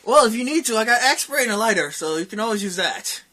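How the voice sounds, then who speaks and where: A young man co-hosting a casual podcast, telling a wild story in an animated way, acting out the quoted voices and swearing freely. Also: high voice, quick pace. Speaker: podcast co-host.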